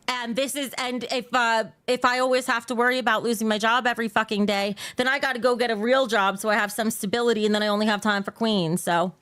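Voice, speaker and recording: A woman's voice: a little high, steady tone, quick pace, few pauses, a bit bright, clear, resonant tone. A woman talking frankly and bluntly in a played clip, swearing as she explains stepping down from managing a show. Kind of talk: casual frank talk.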